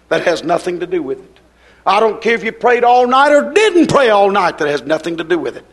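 A man preaching a sermon in an emphatic, repetitive cadence, breaking into shouts. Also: high-pitched, sing-song, a little fast.

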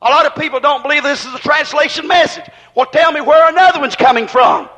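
Male preacher, high bright voice, fiery, shouting sermon delivery. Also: fast, poor audio.

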